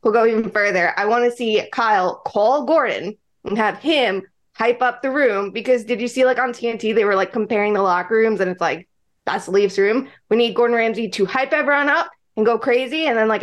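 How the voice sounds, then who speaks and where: A woman co-hosting a sports podcast, talking in loose, animated chat. Her voice sits a little high, and she rambles from one thought to the next. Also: brisk. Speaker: podcast co-host. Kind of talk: casual chat.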